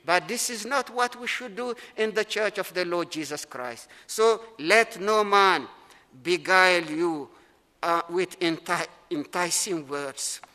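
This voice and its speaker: A middle-aged male pastor preaching in a church, his high, bright voice carried by a long reverb. He is earnest and emphatic, slowing down and repeating phrases to drive points home. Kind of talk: sermon. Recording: long reverb of a large hall.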